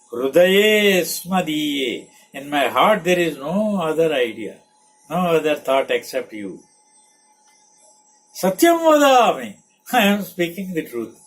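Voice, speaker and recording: A man's voice: on the high side, fairly bright tone, low-quality recording. An older man with an Indian accent giving a spiritual discourse, chanting Sanskrit verses and explaining them word by word. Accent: Indian English. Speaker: spiritual teacher. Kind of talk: slow discourse on scripture.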